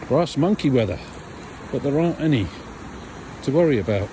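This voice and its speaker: A man's voice: medium pitch, animated, moderate pace. Chatty man calling his dogs. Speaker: dog trainer. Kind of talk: casual talk to dogs on a walk. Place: outdoors in frosty field. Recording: outdoor recording with clear background noise.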